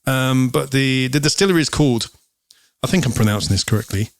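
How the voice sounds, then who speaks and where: A man's voice: medium pitch, fairly quick, dry recording, studio quality. A man co-hosting a whisky show, chatting casually and explaining with lots of ums. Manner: rambling, explaining with many ums. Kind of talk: casual chat.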